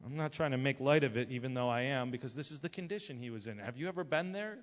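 A man, a pastor preaching a sermon, impassioned and swinging between loud and hushed. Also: medium pitch, fast talker, few pauses. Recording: dull lo-fi sound with long hall reverb.

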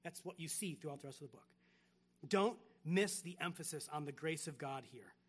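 A man preaching a sermon, firing rhetorical questions and moving between loud emphatic lines and hushed quiet ones. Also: on the high side, moderate pace, breathy edge. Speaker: pastor.

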